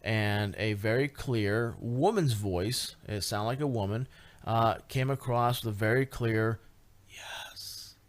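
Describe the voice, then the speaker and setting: A man guest on a radio talk show, telling a paranormal investigation story in a casual, animated way with many fillers and restarts. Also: lowish voice, a little slow. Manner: animated, lots of fillers and restarts, rising excitement.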